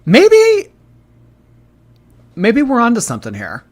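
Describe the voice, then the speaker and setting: Animated, unhurried male streamer. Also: very high-pitched. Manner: amused, reads out viewer messages. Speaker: streamer host. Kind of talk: livestream reaction chat.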